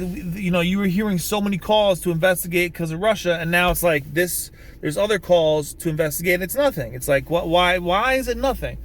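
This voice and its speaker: Sitting in a vehicle, a male vlogger rants casually to the camera about politics, rambling, restarting often, swearing, and breaking into emphatic outbursts. His voice sits high and is a bit bright.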